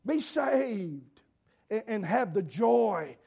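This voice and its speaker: A man's voice: sits high, lively intonation, measured pace, darkish tone. A man preaching a folksy sermon, telling homespun stories in an earnest, repetitive way. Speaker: pastor.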